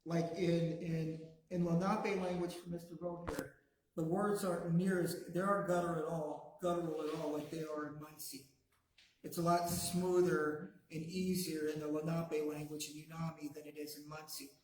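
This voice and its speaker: A man's voice: a little high, flat delivery, a little mellow, slight background noise. Man teaching words in a very echoey room. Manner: slow and patient, says words for the class to repeat. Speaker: language teacher. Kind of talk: classroom language lesson. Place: classroom, also streamed to a video call.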